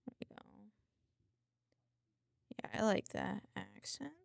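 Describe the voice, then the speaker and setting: A young English-speaking woman streams live at a slow pace, chatting, rambling, and giggling as she works on a design. She greets viewers by name and mutters to herself, in a studio-quality recording with no echo.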